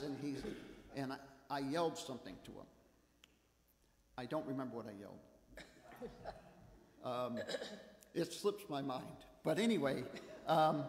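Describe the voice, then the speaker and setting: An older man preaching a sermon, telling self-deprecating stories in an animated way. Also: on the high side, roomy sound, long reverb tail. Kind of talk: sermon with personal anecdotes. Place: church.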